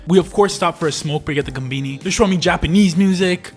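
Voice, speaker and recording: This fast talker has a fairly high pitch. He is a travel vlogger from Canada in his early twenties, narrating a trip in a laid-back, slangy voice-over with faint background music.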